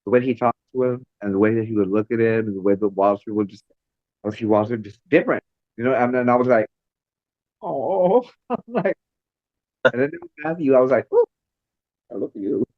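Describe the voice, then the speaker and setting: A middle-aged man, a makeup artist and female illusionist, telling stories in an interview with lively acted-out quotes and frequent laughter. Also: on the low side, quick pace, no room sound. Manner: animated, acts out quoted voices, laughs often. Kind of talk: storytelling interview. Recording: dry, slightly dull lo-fi recording.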